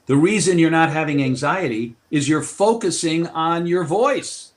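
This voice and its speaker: A man's voice: on the high side, lively intonation, a little slow. Expansive storytelling male guest. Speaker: guest author. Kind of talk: interview storytelling.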